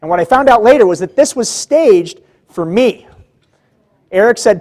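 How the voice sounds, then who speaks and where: A man with a high-pitched voice delivers a motivational keynote at a civic luncheon. He tells his story with vivid drama and voices the other people in it as he goes. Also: lively intonation, normal speed, a little mellow. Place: large banquet hall.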